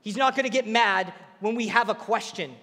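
A man preaching a sermon, retelling a story with lively, acted-out quotes. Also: sits high, moderate pace, long reverb tail.

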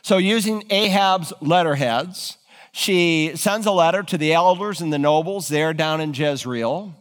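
A man preaching a sermon, retelling scripture with animated, dramatic storytelling in a church. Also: fairly high pitch, unhurried, big-room sound. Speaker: pastor.

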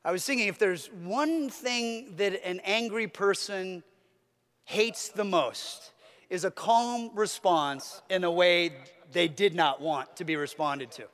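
A man's voice: sits high, slow, fairly bright tone, in a large hall. A man preaching a sermon as a pastor, earnest, with a repetitive, building cadence.

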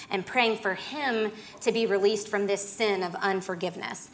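A woman giving a personal testimony as a guest speaker, telling her story in a dramatic, animated way. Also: medium pitch, moderate pace, few pauses, slight background noise.

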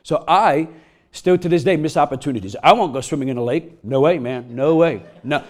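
A middle-aged man preaching a sermon, telling a funny personal story, laughing often and getting loud as he acts it out. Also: fairly high pitch, fairly quick. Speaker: pastor.

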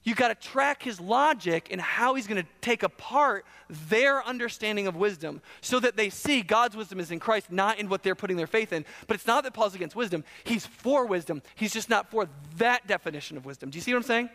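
High-voiced pastor preaching in a reverberant hall. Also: male voice, brisk, few pauses. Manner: conversational, animated, asks the audience questions. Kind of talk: sermon. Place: church hall.

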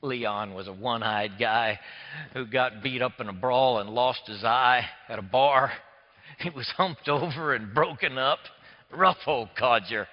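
Dramatic preacher in echoey hall. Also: male voice, medium pitch, a little slow. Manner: dramatic, swings from hushed near-whispers to loud emphatic preaching. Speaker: pastor. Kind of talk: sermon. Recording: echoey hall, dull lo-fi sound.

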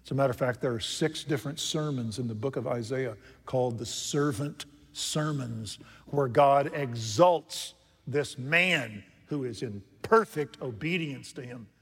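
A man preaching a sermon from the pulpit, jumping from loud emphatic lines to hushed asides and putting questions to his congregation. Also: medium pitch, a little slow, breathy edge. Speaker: pastor. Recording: long reverb from a large hall.

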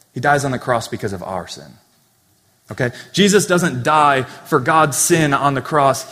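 A man delivering a sermon with an earnest, conversational manner, breaking off now and then to speak plainly to his listeners. His voice sits at an ordinary middle pitch. The sound carries the long reverb of a large hall. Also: fairly bright tone. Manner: conversational, earnest preaching with asides. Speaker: pastor. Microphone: handheld or stand mic.

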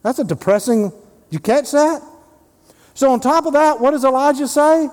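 A man's voice: very high voice, animated, moderate pace, darkish tone. A man preaching a sermon as a pastor, retelling Bible stories and acting out the dialogue in casual voices. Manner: storytelling, acts out biblical dialogue in casual voices. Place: church sanctuary. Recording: long hall reverb.

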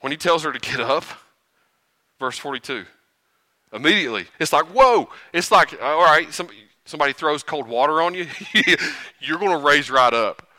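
A man preaching a sermon, animated and often chuckling, building to rhetorical questions. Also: on the high side, moderate pace, dry recording.

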